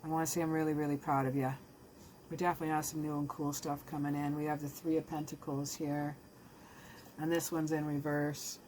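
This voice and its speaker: A woman's voice: deep voice, darkish tone, a little hiss or hum. A woman giving a casual, heartfelt tarot reading that speaks straight to the viewer. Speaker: tarot reader.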